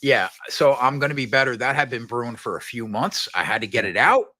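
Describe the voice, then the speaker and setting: A man's voice: medium pitch, lively intonation, brisk, pushed and bright, dry recording. A man in casual betting-show banter, laid-back and self-deprecating. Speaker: sports betting analyst.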